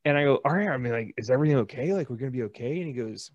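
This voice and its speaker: A man co-hosting a casual podcast, an animated storyteller who acts out the people in his stories. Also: mid-range voice, rapid-fire, no room sound, lo-fi sound. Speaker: podcast co-host. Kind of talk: casual chat.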